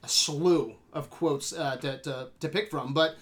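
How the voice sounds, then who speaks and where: A man's voice: a little high, fairly even intonation. A man hosting a casual movie podcast, laughing often and swearing freely. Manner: laughing, swearing, quick asides. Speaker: podcast host. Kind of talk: casual chat.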